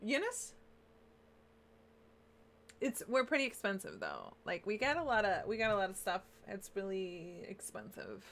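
A woman's voice: mid-range voice, big pitch swings, a little slow, long pauses, fairly bright tone, a little hiss or hum. A woman streaming a video game, chatting playfully with viewers, greeting them by name and humming along with a giggle. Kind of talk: casual live-stream chat.

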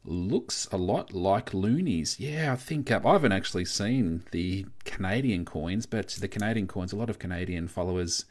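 A young Australian man with a somewhat low voice talks through a live stream in an easygoing, chatty way. He reads out viewer comments and answers them casually. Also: normal speed, few pauses, darkish tone. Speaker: coin collecting livestream host.

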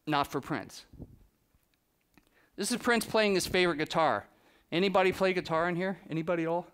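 A man giving a live, animated storytelling talk to an audience as a photographer, acting out the people he quotes by dropping his voice. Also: sits high, fairly quick, clear, resonant tone. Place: presentation room with a live audience.

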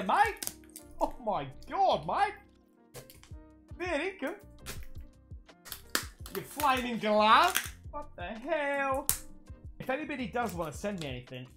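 An excitable man in a casual unboxing chat, his voice leaping up and down with lively swings in pitch. He keeps throwing in mate and bloody, and faint music plays behind him. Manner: excitable, exclamatory, says mate a lot. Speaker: YouTuber opening fan mail.

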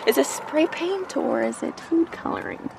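A woman in casual conversation outdoors gives short, quiet replies. Her voice is gravelly and sits a little away from the mic. Outdoor noise and traffic carry on behind her. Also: high voice, lively intonation, normal speed, far from the mic. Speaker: vlogger's companion. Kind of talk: casual chat. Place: outdoors in a snowy national park.

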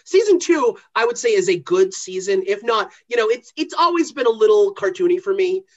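Podcast guest, a man from New England, lively and profane, muffled recording. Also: high voice, a little fast. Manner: animated, swears freely, slips into comic voices. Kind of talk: casual chat.

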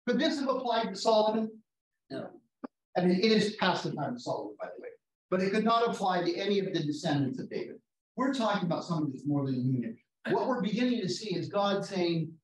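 A man leading an interactive Bible study, reading scripture slowly and putting questions to his class. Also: a little high, animated, a little mellow. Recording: roomy, distant mic, faint noise.

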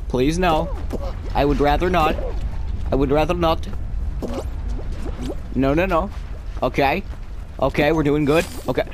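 A young man giving casual gameplay commentary as a gaming YouTuber, joking and rambling, then shouting at the game. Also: on the high side, slow pace, pauses often, faint music behind.

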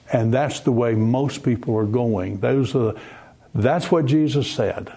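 A man preaching a broadcast sermon, earnest, repeating words and slowing down to stress his points. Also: mid-range voice, creaky, mellow, breathy edge. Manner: earnest, repeats words, slow emphatic phrasing.

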